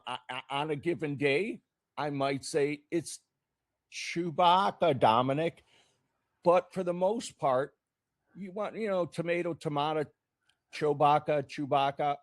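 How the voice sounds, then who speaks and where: A man's voice: mid-range voice, poor audio. A man joining podcast banter in a laid-back, rambling way.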